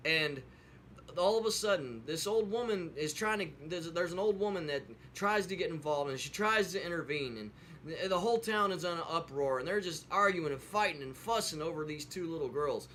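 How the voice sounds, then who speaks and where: A man with a sharp, on-the-high-side voice and lively intonation speaks a little fast as he casually tells a folksy devotional story on video, heavy on fillers, before turning to an earnest preaching close. Slight background noise is present.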